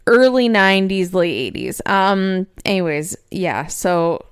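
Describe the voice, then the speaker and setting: A woman's voice: medium pitch, animated, unhurried, clear, resonant tone, dry recording, clean studio sound. Chatty woman telling a story on a podcast. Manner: chatty storyteller, laughs often, lots of "like". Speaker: podcast co-host. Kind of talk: casual chat recapping a TV show.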